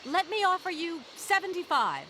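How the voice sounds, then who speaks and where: An actress voicing an ambitious young lawyer woman in a video game, poised, brisk and sharp-tongued. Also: very high voice, big pitch swings, a little hiss or hum, exaggerated voice. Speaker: game protagonist.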